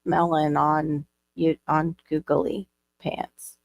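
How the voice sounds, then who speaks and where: A woman's voice: deep voice, flat delivery, takes it slowly, vocal fry. A woman hosting a live stream, chatting casually and bubbly, laughing easily. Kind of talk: casual chat.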